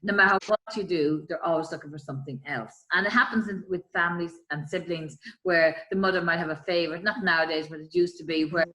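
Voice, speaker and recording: An earnest woman with a slightly low voice talks through examples in conversation. She explains patiently and slips into the voices of the people she describes. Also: steady tone, quick pace, hardly any pauses, poor audio. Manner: earnest, acts out quoted voices, trails off softly. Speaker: guest explaining bullying. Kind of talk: explanatory chat.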